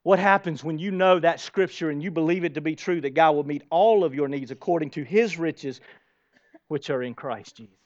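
Man, pastor preaching, high voice, dry close sound, lively, rhetorical questions. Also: brisk, no room sound. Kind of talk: sermon. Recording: dull lo-fi sound.

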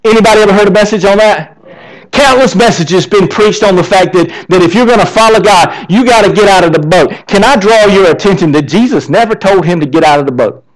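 A man's voice: high-pitched, brisk, low-quality recording. A male pastor preaching a sermon, asking the congregation rhetorical questions. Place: church.

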